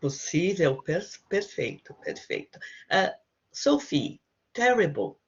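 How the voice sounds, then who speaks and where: Woman, online teacher, slow and gravelly, dull video-call sound. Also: medium pitch, animated. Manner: encouraging, slow and repetitive. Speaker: Portuguese teacher. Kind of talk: online language lesson.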